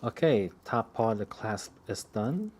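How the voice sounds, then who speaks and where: A man's voice: on the low side, sing-song, measured pace, darkish tone, slight background noise. A man doing casual work commentary on a hobby project, rambling and joking between mumbled remarks about the work. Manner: rambling, joking storyteller who mutters while working. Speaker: watch hobbyist. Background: faint sanding and rubbing.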